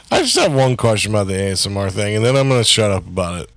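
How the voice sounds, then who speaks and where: A man co-hosting a podcast in casual chat, joking and playful. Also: on the low side.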